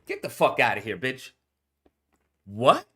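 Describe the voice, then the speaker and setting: A man reacting to news clips in profane, animated commentary, incredulous and blunt. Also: medium pitch, unhurried, slightly rough.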